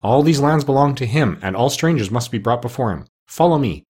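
A man's voice: mid-range voice, expressive, a little fast, darkish tone, breathy edge, pitched above the performer's own voice. A man reading aloud and voicing a stern messenger who gives firm commands. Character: stern royal messenger leading strangers to the king.

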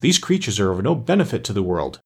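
A man's voice: on the low side, very animated, quick pace, darkish tone, breathy edge, full character voice. A man voicing a grim, resolute prince of small magical folk in a storybook reading.

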